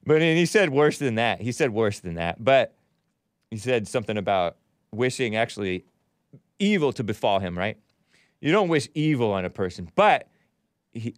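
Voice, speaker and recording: A man's voice: medium pitch, very animated, normal speed, pauses often, dry recording, studio quality. A man hosting a live talk show, commenting sardonically and laughing often. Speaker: host.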